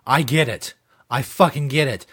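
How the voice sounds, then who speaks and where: A man's voice: medium pitch, normal speed, a bit bright, breathy edge. A man hosting a talk show, ranting bluntly and combatively with heavy profanity. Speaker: host. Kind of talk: opinionated talk show rant.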